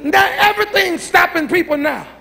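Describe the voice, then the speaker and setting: A preacher with an unusually high, piercing voice and a rough, gravelly edge. He is a middle-aged man who preaches a folksy, fiery sermon, shouting out his points and then dropping into low, teasing asides. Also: lively intonation, a little fast, some chatter behind. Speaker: pastor. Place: church sanctuary.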